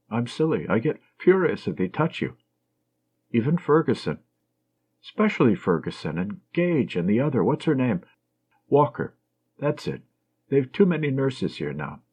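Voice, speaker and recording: An affectionate young nurse, teasing and fond, as a husky male narrator puts her on. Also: mid-range voice, darkish tone. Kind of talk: audiobook reading. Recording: dull lo-fi recording.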